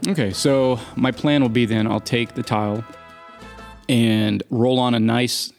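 A man's voice: mid-range voice, fairly even intonation, unhurried, gravelly, faint music behind. A man co-hosting a podcast in casual chat, opinionated and wry, making his points with emphasis. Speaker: podcast co-host.

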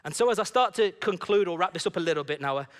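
A man preaching a sermon in a church service, telling a personal story in an animated, conversational way. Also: sits high, quick pace, clear, resonant tone.

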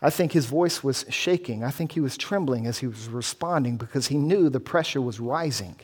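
A man's voice: medium pitch, normal speed, husky. A male pastor preaching an expository sermon, earnest and building emphasis as he walks through a scripture passage.

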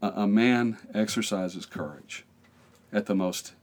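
A middle-aged American pastor telling a lively story in a podcast interview, acting out the voices in it and often laughing. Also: male voice, fairly low pitch, unhurried.

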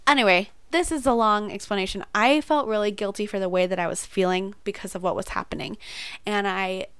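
A woman's voice: medium pitch, brisk, a bit bright, clean tone, no room sound. A young woman co-hosting a podcast, speaking candidly and hesitantly, with fillers. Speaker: podcast co-host. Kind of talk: casual chat.

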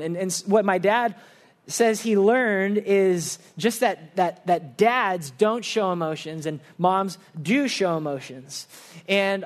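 A pastor giving a conversational sermon in a church service, telling personal stories in an earnest way. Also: male voice, high voice.

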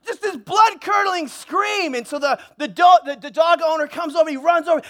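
A man's voice: very high-pitched, normal speed, few pauses. A man preaching a sermon in a church, cracking jokes and telling a comic story with playful asides. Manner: joking, animated, playful asides. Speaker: pastor. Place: church sanctuary.

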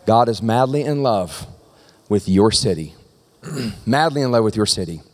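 A man preaching a sermon in a lively, conversational way, often asking the congregation questions. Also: on the low side, unhurried. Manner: animated, conversational preaching with rhetorical questions to the crowd. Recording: long reverb of a large hall.

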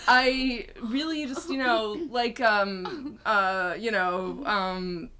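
A woman doing a loud, laughing impression of a carefree young male pop singer, halting often with fillers. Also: fairly high pitch, very noisy, lightly acted. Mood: jokey breezy.

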